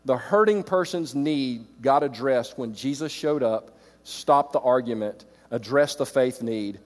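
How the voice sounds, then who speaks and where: A middle-aged man preaching to church leaders, animated, swinging between loud exclamations and quiet reflective stretches. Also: medium pitch, unhurried. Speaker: pastor. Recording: reverberant hall.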